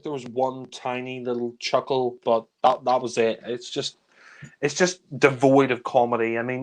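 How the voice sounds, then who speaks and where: A young man ranting in exasperation about a film he hates, swearing often in a casual review chat. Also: mid-range voice.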